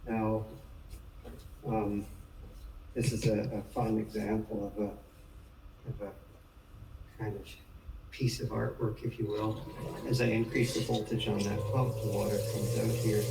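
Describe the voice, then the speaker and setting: A man teaching a live online class, explaining a demonstration at an unhurried pace with fillers, picked up by a microphone sitting on a table. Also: on the low side, flat delivery, gravelly. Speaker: lecturer. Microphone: table mic. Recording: echoey room from far off, noisy.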